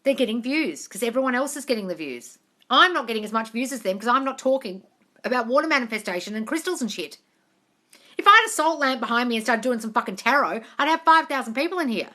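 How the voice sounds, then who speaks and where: A young woman talks into her phone at arm's length during a casual live question-and-answer stream. Her tone is bright and crisp, and her manner is frank and chatty. She swears freely and calls her viewers darling as she reads their comments aloud. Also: a little high, expressive, quick pace.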